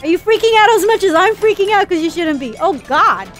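A woman's voice: extremely high pitch, animated, brisk, soft background music. A young woman giving frantic, exclaiming gameplay commentary, panicking and giggling as she plays. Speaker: let's play gamer.

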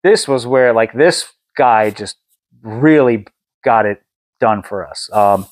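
A man's voice: medium pitch, takes it slowly. A man hosting a podcast, telling a long story in casual chat with lots of fillers and restarts. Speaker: podcast host.

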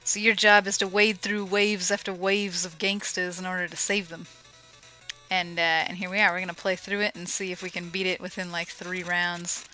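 A woman giving casual, joking commentary over a retro game she is playing, with sarcastic asides and excited yelps. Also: lowish voice, moderate pace, faint music behind, low-quality recording. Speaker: let's play commentator. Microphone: home microphone.

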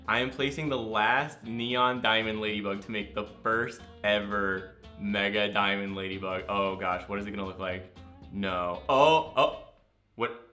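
A young man giving excited gameplay commentary, gushing and talking straight to his fans while very tired from little sleep. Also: mid-range voice, normal speed, soft background music. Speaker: gaming YouTuber.

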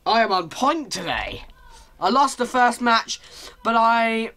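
Bright, rambling British gamer guy. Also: extremely high pitch, a little slow. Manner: rambling, hesitant, bursts into excited yelps. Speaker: gaming channel host. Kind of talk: let's play commentary.

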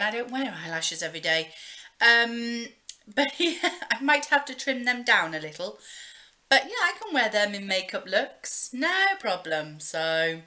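Slow, bright-voiced woman vlogging. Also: medium pitch. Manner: chatty and rambling, with many pauses and fillers. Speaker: beauty vlogger. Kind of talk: casual show-and-tell chat.

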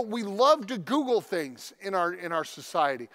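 A man preaching a sermon with a slightly higher-than-usual voice. He talks like he's telling friends a story, easy and chatty. Then he punches key lines with sudden loud emphasis. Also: sing-song, normal speed, hardly any pauses. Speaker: pastor.

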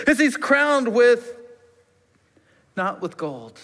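A man preaching a sermon with emphatic rises that drop to a hushed near-whisper on key words. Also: high-pitched, expressive, measured pace. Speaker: pastor. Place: church sanctuary. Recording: long church reverb.

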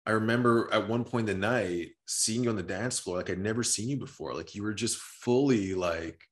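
Low-voiced man, reflective and casual. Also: fairly quick. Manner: reflective, filler-heavy. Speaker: retreat guide. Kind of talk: casual conversation.

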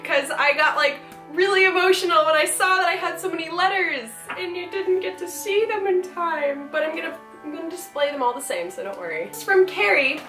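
A woman's voice: very high-pitched, pushed and bright. A young woman chatting casually to camera as she opens fan mail, bubbly and gushing, laughing often. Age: young adult. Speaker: cosplay vlogger opening fan mail. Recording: roomy, distant mic, music behind.

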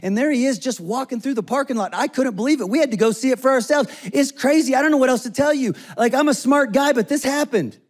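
A pastor playing a flustered male finance worker who stammers and rushes through his story. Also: very high-pitched, pitched above the performer's own voice. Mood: incredulous. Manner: hurried, stammering.

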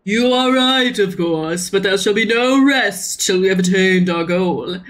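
A woman voicing a lofty, passionate male adventurer leader in a game, with grandiose, theatrical speech that climbs toward shouting. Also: mid-range voice, a little slow, natural voice. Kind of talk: playful game character voice-over.

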